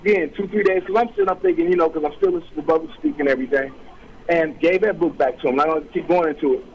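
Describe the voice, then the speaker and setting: A man's voice: on the high side, racing, lo-fi sound, slight background noise. A middle-aged man, a guest author, telling his story in an interview with streetwise slang, acting out quoted voices.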